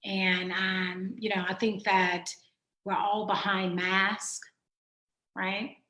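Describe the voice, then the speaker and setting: Slow, reflective woman in a roomy space. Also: mid-range voice, little pitch movement, sharp tone. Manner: slow, reflective, halting with fillers. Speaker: guest writer and author. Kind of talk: poetry reading and candid conversation. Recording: roomy echo.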